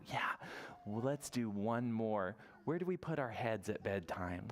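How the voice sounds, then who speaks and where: Man, children's librarian, toddler story time, sing-song, playful, coaxing questions, mid pitch. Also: moderate pace.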